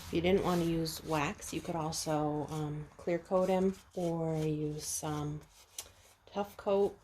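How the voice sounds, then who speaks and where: A woman's voice: low voice, fairly even intonation, slow, warm tone, slight background noise. A woman hosting her own DIY channel, talking viewers through a craft project step by step in a casual, friendly way. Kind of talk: casual how-to narration.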